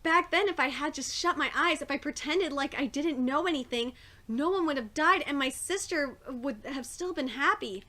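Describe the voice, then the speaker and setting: A woman's voice: high voice, moderate pace, pushed and bright. A woman reading the lines of an earnest, guilt-ridden young male demon swordsman from a comic, in her own voice with small stumbles. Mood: remorseful. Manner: plain read-aloud delivery with stumbles.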